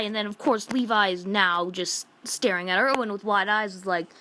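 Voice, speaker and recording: A woman's voice: medium pitch, normal speed, hardly any pauses, a bit bright, a little hiss or hum. A woman giving a casual, exasperated review rant, retelling events in a rambling way full of "like". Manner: rambling retelling, heavy use of "like"; exasperated and indignant. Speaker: manga reviewer.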